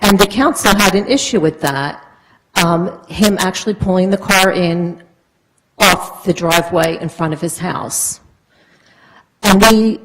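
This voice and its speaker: A woman with a fairly low voice addresses a town council during public comment. She explains her point earnestly, with plenty of ums and restarts, over a faint background hiss. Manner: earnest, explaining with many fillers. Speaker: resident speaking at public comment.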